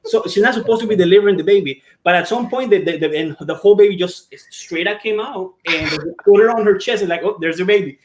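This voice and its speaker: A man in casual chat recounting his daughter's birth, an animated storyteller who often breaks into laughter. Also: high voice, fast, hardly any pauses, reverberant, noisy background.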